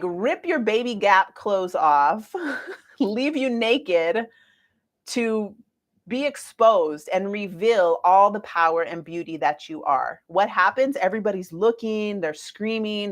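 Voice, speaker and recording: Woman in her forties, astrology talk, chatty, playful, lively asides, mid-pitched voice. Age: 40s. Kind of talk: casual astrology talk to viewers.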